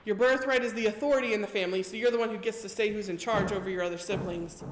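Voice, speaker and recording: A woman's voice: mid-range voice, rapid-fire, background noise. Lady preacher telling a bible story like chatting with friends, big church reverb. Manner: retells scripture in a chatty storytelling way. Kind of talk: casual sermon. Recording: echoey church hall reverb.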